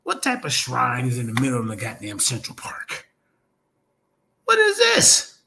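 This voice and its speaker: A man's voice: mid-range voice, a little fast, gravelly, pushed and bright. A man hosting a livestream, ranting in a combative, profane, trash-talking way. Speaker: streamer host. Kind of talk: heated livestream rant.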